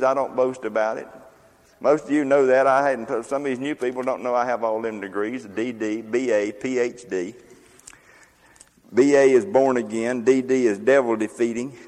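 A man's voice: medium pitch, darkish tone. An older man preaching a sermon as pastor, in a folksy, joking, conversational way. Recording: long reverb of a large hall.

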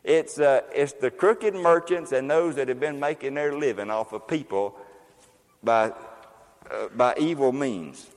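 A man preaching a sermon as a pastor, emphatic and fiery, with loud exclamations and quieter asides. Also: medium pitch, unhurried, big-room sound.

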